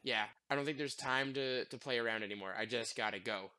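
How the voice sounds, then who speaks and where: A man's voice: medium pitch, a little fast, crowd noise. A man playing a tabletop game, playful and eager as he declares his character's moves. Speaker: player.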